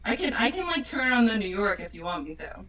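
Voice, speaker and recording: A woman's voice: fairly high pitch, sing-song, quick pace, fairly bright tone, poor audio. A woman with an American accent, a guest chatting casually and laughing often. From United States. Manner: giggly, chatty. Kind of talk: casual chat.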